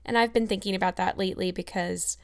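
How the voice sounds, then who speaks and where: A woman's voice: medium pitch, steady tone, quick pace. A woman narrating a classic novel and then sharing thoughtful, appreciative comments on the chapter. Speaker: audiobook reader and podcast host. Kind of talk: storybook narration and reflective commentary.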